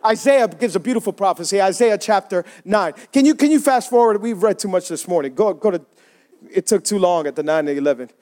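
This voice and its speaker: A man preaching a sermon in a church as pastor, with an impassioned delivery that climbs high when he voices cries to God. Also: lively intonation, fairly quick, a little mellow.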